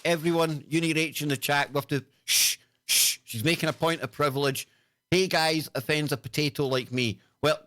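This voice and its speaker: A man's voice: mid-range voice, a bit bright, dry recording, studio quality. A British man hosting a casual livestream, talking in a sarcastic, mocking way as he reads out chat comments. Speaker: livestream host.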